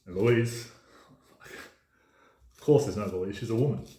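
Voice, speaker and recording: A man's voice: lowish voice, takes it slowly, mellow. A man delivering an emphatic, ranting casual monologue as a podcast host, swearing freely. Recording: roomy echo.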